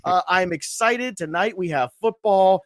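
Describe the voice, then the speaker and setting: A man co-hosting a sports podcast with energetic, playful hype-man delivery. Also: high voice, unhurried, dry recording, clean studio sound. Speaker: podcast co-host. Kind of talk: hyped podcast chat.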